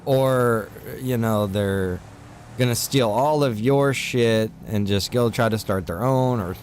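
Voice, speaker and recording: A man's voice: medium pitch, a little hiss or hum. A man talking casually to his stream viewers, venting and swearing while he tells a frustrated story. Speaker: streamer and server owner.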